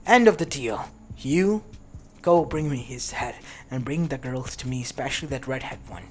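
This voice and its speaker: A man's voice: mid-range voice, moderate pace, faint music behind, natural voice. A man doing a crude sneering rogue ninja boss. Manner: mocking and vulgar. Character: lecherous crude male rogue ninja leader.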